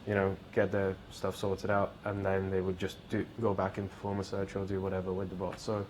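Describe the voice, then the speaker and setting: A man's voice: low voice, completely flat delivery, brisk, darkish tone, a little hiss or hum, low-quality recording. A man on a panel telling a casual story from his company's experience. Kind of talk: panel discussion. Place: meetup event room.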